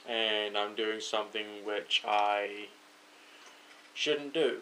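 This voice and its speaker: A fairly low-pitched British vlogger takes his time, speaking slowly in a pushed, bright voice. He's rambling to camera late at night, overtired and self-correcting. The recording is rough, with slight noise behind him.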